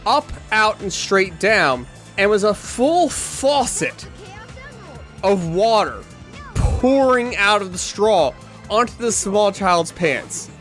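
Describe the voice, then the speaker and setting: A man with a fairly high voice chats casually while playing a video game and winds through a long, rambling anecdote. He acts out the voices of the people in his story, and faint game music runs underneath. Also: fairly bright tone. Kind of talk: casual chat while gaming.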